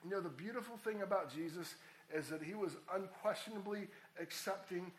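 A man's voice: high voice, fairly quick, reverberant, a little hiss or hum, low-quality recording. A man preaching a sermon as a pastor, earnest and rising to emphatic appeals.

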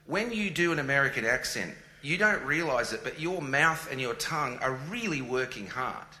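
A man with an Australian accent, speaking as a guest on stage in an animated, teasing, playful way. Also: medium pitch, normal speed, echoey room, rough recording. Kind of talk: joking stage chat.

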